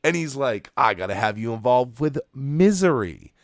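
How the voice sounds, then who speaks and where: A man's voice: medium pitch, lively intonation, normal speed, no room sound, clean studio sound. A man in his thirties, co-host of a podcast, telling a rambling, profane story with lots of restarts. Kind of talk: casual storytelling.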